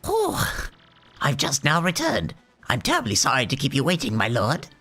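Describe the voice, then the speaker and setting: A hoarse man voicing a fawning old female witch servant who talks in a simpering, overly polite way. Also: mid-range voice, huge pitch swings, normal speed, bright, forceful tone, soft background music, pitched above the performer's own voice, exaggerated voice.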